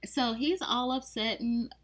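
A woman's voice: on the high side, unhurried. Blunt joking woman in podcast chat. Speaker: podcast co-host. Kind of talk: casual chat about reality TV.

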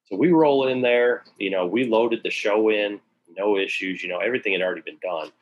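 A man's voice: fairly low pitch, brisk, muffled recording. A man casually telling a long work story, sprinkled with swearing and acted-out quotes. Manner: casual, profane, acts out quoted voices.

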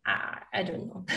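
A woman with an Italian accent, co-hosting a casual podcast, halting and self-deprecating, often laughing. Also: fairly bright tone. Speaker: podcast co-host. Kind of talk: casual chat. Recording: roomy, distant from the mic.

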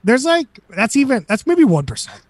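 Brief: male co-host, mid pitch, very lively intonation, dry close sound, rambling and incredulous. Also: normal speed, dry recording. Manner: rambling, incredulous rhetorical questions. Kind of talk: casual chat.

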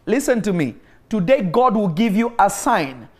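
This online sermon comes from a man with a high voice, big pitch swings, and a moderate pace. He relates a healing story and presses his audience with emphatic, repeated lines, at times breaking into tongues.

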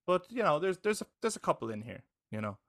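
A man's voice: fairly high pitch, big pitch swings, quick pace, creaky, a bit bright. A young adult man co-hosting a podcast in casual chat, enthusiastic and casually swearing, often checking in with "right?". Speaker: podcast co-host.

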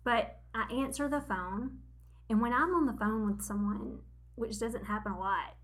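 Bright-voiced woman in her forties. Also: on the high side, moderate pace. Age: 40s. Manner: animated storyteller, laughs at herself, acts out quotes. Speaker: podcast co-host. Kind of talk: casual storytelling chat.

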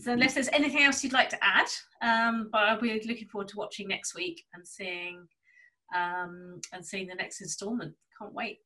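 A woman's voice: mid-range voice, steady tone, normal speed, sharp tone, poor audio. A woman author interviewing another author on a video call, chatty and laughing often. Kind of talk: casual chat.

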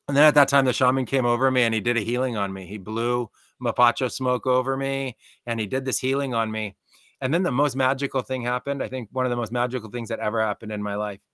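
A man speaking as a podcast guest, his storytelling animated and tumbling forward with repeated "like." His pitch sits mid-range, and the recording is dry with no room sound. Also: dry recording. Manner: excitable, repeats "like" often.

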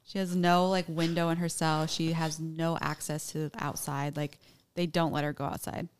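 A woman's voice: low-pitched, little pitch movement, normal speed, smooth. A young woman co-hosting a podcast, chatting casually and reading from her notes with many fillers and restarts. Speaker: podcast co-host.

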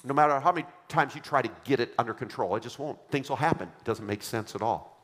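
A male pastor preaches with an emphatic, repetitive cadence, calling his congregation to read along. His voice sits at an ordinary middle pitch, and it carries a long reverb from a church hall. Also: fast talker, a bit bright. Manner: emphatic preaching with repeated refrains; leads the congregation in reading aloud. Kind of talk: sermon.

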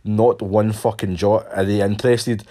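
A man's voice: on the low side, little pitch movement, moderate pace, warm tone. A Scottish man ranting in a casual monologue, sweary and sarcastic, mocking people with put-on voices.

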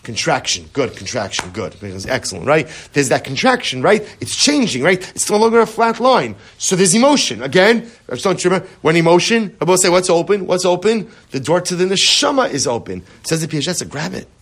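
Male rabbi lecturing a class; slightly husky, lively and conversational, keeps asking "right?". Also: on the high side, fairly quick, few pauses. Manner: animated, rhetorical, repeats "right?" often.

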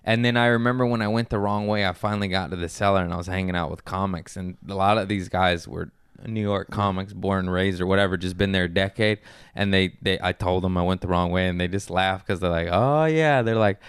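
Smooth low-voiced man telling stories. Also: fast talker, no room sound, clean studio sound. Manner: animated storyteller, jumps into high-pitched voices for quoted people. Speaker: podcast co-host, comedian. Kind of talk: casual chat.

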